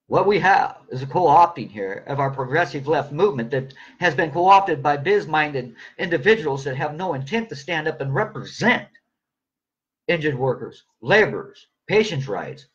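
A man's voice: a little high, expressive, measured pace. A middle-aged man in a heated, profane, rambling monologue rant as a vlogger. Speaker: vlogger, injured worker. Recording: dull lo-fi recording.

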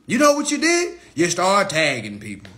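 A man tears into a rival in a profane live-stream roast. His voice sits very high and bright, swinging wildly up and down as he mocks, repeats his jabs and swears freely. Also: wildly swooping pitch, moderate pace. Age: 30s. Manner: heated, mocking, swearing freely, repeating lines for effect.

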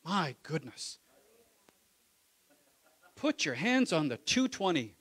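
Man, pastor, casual sermon, fairly high voice, dramatic soft-to-loud swings. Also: sing-song, takes it slowly, slightly rough. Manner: casual preaching, acts out biblical voices with big swings in loudness.

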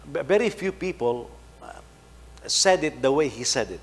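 Pastor preaching in a reverberant hall. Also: male voice, medium pitch, animated, moderate pace. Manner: storytelling, rising to loud emphasis then dropping soft. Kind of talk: sermon. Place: church hall. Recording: faint hum, long hall reverb.

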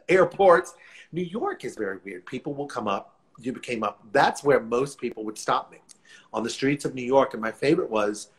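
A man, a guest actor telling stories in a relaxed live interview over a video call, rambling warmly with frequent restarts. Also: mid-range voice, normal speed. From New Orleans, USA. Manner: warm, rambling storyteller with many restarts. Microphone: phone or laptop on a video call.

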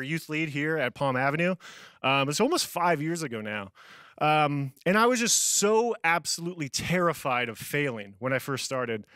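Young male youth pastor, casual sermon, laughs at himself, slightly high pitch, dry sound. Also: pushed and bright, no room sound. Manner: casual, self-deprecating storytelling with laughs.

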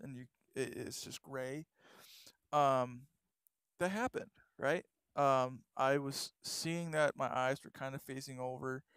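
Young guy, casual vlog storyteller, rambly with lots of fillers; clean, smooth voice, dry close sound. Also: mid-range voice, fairly bright tone, no room sound. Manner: rambling, many fillers and restarts. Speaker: vlogger.

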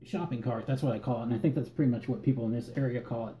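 Deep-toned Northern Virginia man, echoey room. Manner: relaxed, halting, repeats words. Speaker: vlogger. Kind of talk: reading an accent tag word list.

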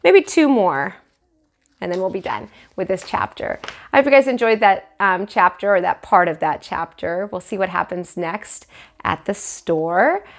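A woman teacher reading a children's chapter book aloud in an expressive storytelling manner. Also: mid-range voice, unhurried. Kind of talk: children's read-aloud narration.

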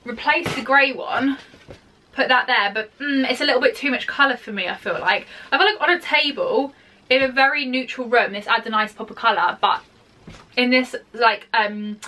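Young British woman, chatty rambling vlogger, bright tone, recorded slightly off-mic at home. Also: fairly high pitch, normal speed, distant mic, a little hiss or hum. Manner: rambling, chatty, full of "like" fillers. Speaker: fashion vlogger. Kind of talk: casual try-on haul chat. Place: home office.

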